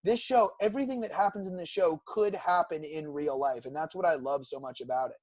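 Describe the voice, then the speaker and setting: A man's voice: on the high side, brisk, a little mellow, no room sound. A young man from California, co-hosting a podcast and eagerly retelling cartoon episodes in casual chat. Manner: enthusiastic, recounts plots at length. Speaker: podcast co-host.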